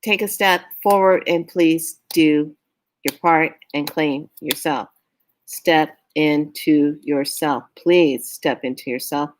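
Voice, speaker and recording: With a low, steady voice and a slow pace, this spiritual vlogger from California speaks casually about spiritual matters. She is earnest and pressing, and she frequently laughs mid-story.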